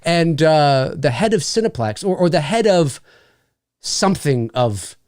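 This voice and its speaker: A man's voice: fairly high pitch, measured pace, dry recording, studio quality. A middle-aged man in casual chat as host, telling stories with lots of restarts and laughs. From Canada. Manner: animated storyteller, many restarts and laughs.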